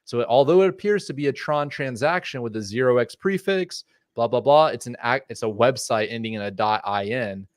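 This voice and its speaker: A podcast co-host with a medium-pitched, clean-toned voice delivers passionate, rambling warnings packed with fillers. It's casual chat, recorded dry with clean studio sound.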